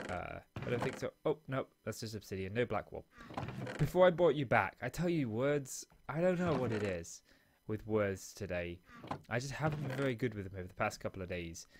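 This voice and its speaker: Chatty man with a low voice. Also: expressive, fairly quick, noisy background. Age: adult, father of a school-age daughter. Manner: rambling, chatty, self-mocking asides. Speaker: let's play host. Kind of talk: casual gameplay commentary. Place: small home office.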